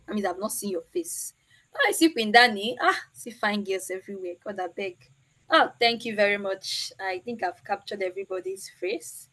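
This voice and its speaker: A woman's voice: medium pitch, a bit bright. A Nigerian woman hosting an online meetup over a video call, chatty and teasing. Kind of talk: casual chat.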